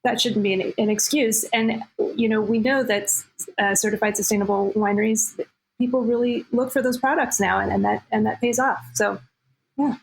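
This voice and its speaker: A woman's voice: on the high side, fairly even intonation, moderate pace, creaky, slight background noise, low-quality recording. Chatty woman podcast co-host. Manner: chatty, many fillers and restarts. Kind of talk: casual conversation.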